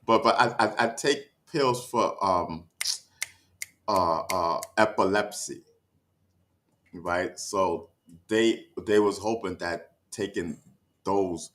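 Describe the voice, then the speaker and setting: A man's voice: low-pitched, fairly bright tone. A man talking casually to his livestream chat, out of breath and catching his breath, with heavy sighs, stammered restarts and frequent checks like "you know what I mean". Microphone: streaming setup mic.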